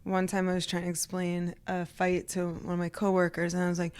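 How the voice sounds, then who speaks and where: A woman co-hosting a casual podcast chat, animated and laughing often, acting out what people said. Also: on the low side, moderate pace, few pauses. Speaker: podcast co-host.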